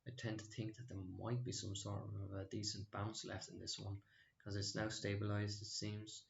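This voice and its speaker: A man's voice: lowish voice, flat delivery, normal speed, gravelly, roomy sound, highs cut off, slight background noise. A man casually talking through his stock trades, rambling and hesitant with many fillers and restarts. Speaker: stock trading channel host. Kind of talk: casual screen-share trading recap.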